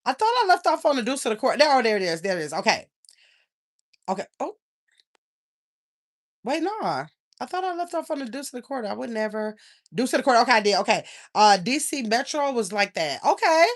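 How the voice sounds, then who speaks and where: A woman's voice: fairly high pitch, big pitch swings, brisk, long pauses. Older lady rambling on her livestream, calls everybody y'all. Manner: chatty, rambling, addresses viewers as y'all. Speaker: channel host. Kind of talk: casual livestream chat.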